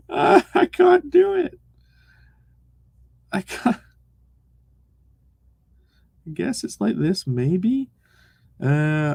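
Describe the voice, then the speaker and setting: A man's voice: fairly high pitch, vocal fry, a little mellow, no room sound. A young man casually streaming, reading chat aloud, laughing often and swearing freely.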